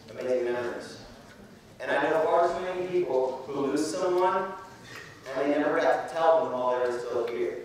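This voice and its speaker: A man from Canada giving a motivational keynote speech to students, conversational and acting out quoted voices. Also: medium pitch. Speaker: keynote speaker. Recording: echoey hall from far off.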